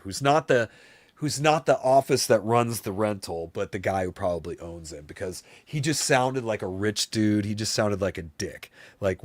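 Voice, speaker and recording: A man hosting a live stream, telling a long story to his chat in a rambling, animated way, swearing freely and acting out other people's voices. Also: fairly low pitch, no room sound. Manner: rambling, animated, swears a lot, often says "you know what I mean".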